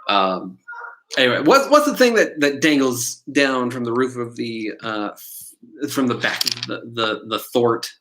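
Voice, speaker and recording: A man's voice: mid-range voice, very animated, measured pace, bright, forceful tone, low-quality recording. A middle-aged man teaching exam prep on a live stream, rambling casually and firing questions at viewers. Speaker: test prep instructor. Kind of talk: live-stream quiz lesson. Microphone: computer mic on a live stream.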